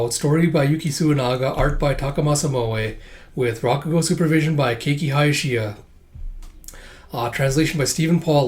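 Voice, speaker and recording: Running a manga read-through channel, a man chats casually and opens most lines with "uh." When reading dialogue, he voices the characters with big jumps in pitch.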